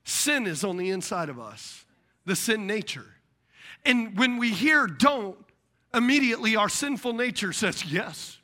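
Male preacher, very high voice, bright and forceful, animated sermon with acted-out voices. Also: measured pace. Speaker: pastor.

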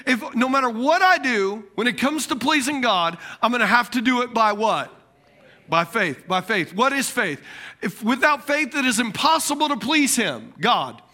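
A man preaching a sermon, asking the congregation questions, repeating key words and swinging between loud bursts and quiet lines. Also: very high voice, animated, normal speed. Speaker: pastor.

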